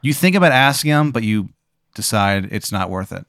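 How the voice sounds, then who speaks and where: A man hosting a comedy podcast, telling a profane hypothetical in a deadpan way, often dropping to a low murmur. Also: normal speed, vocal fry, dry recording, studio quality. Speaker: podcast host posing a hypothetical. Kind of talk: casual comedic storytelling.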